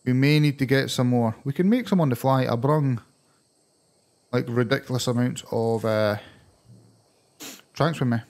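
A man with a Scottish accent giving excitable let's-play commentary as he plays, breaking into surprised exclamations. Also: mid-range voice, normal speed, long pauses. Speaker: gaming channel host.

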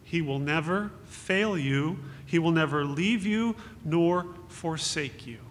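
Speaking slowly in a voice on the high side, a male pastor offers a sincere memorial sermon meant to comfort, with scripture quotations. Faint hum and echo from a hall are audible.

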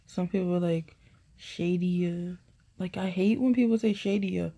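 A woman's voice: mid-range voice, a little fast, gravelly, warm tone. A young woman vlogging in a playful, rambling casual monologue, with lots of "like" and sing-song bits. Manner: playful, repeats her name in sing-song; heavy use of "like".

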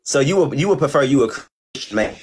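A man's voice: mid-range voice, expressive, a little fast, darkish tone, slight background noise. A man from Oklahoma, a livestream guest, joking in a playful, needling way and repeating his phrases. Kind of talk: comic livestream banter.

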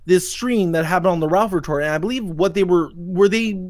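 In clean studio sound without any room tone, a high-pitched man talks fairly fast as he hosts a livestream show. The podcast host curses and rants about an online drama, imitating people in derisive voices.

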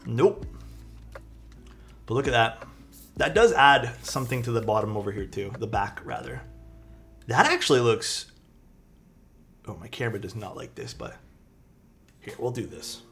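Lively man chatting on a stream. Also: mid-range voice, normal speed, pauses often. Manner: thanks chat, muses aloud while unboxing. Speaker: streamer building a keyboard. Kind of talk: casual live-stream chat. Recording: faint music behind.

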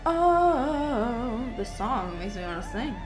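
A woman talking through a game as she plays, chatting to herself with frequent exclamations. Her pitch sits in a middle register and swings widely from phrase to phrase. Soft game music plays faintly underneath. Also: very animated, a little slow. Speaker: gaming video host. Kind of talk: casual let's-play commentary.

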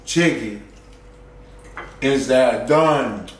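A man's voice: mid-range voice, extremely slow, music in the background. A man tasting food on a home cooking vlog, laid-back and chiming in with approving murmurs. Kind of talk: casual chat. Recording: roomy, distant mic, faint room noise.

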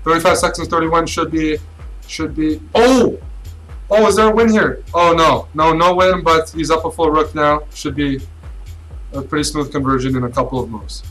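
Canadian guy hyping up chess games on stream, bright punchy voice, a bit high, faint music behind. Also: normal speed, poor audio. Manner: hyped, cheering, repeats catchphrases. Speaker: live-stream chess commentator. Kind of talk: excited play-by-play commentary.

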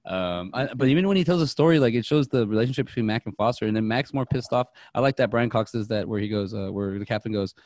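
A man's voice: fairly low pitch, fast, hardly any pauses, a little mellow. A young man chatting casually about movies on a podcast, rambling with many restarts and fillers. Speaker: podcast co-host.

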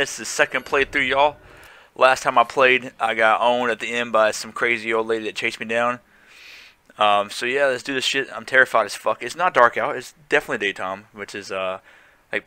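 A man's voice: medium pitch, bright, forceful tone, clean tone, no room sound. Jittery young man swearing through a horror game. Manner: jittery, swearing, jumpy slangy chatter. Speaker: gaming channel host.

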